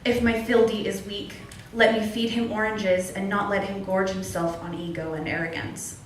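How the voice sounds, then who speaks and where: Young woman at an open mic doing candid spoken word; recorded from afar in a booming room. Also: level tone, normal speed, a little hiss or hum. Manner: earnest, candid, with wry humor. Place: small club at an open mic. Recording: distant echoey room recording.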